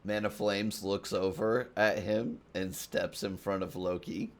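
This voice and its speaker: Deep, slow-talking game master, a man. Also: steady tone. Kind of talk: narrating a tabletop game.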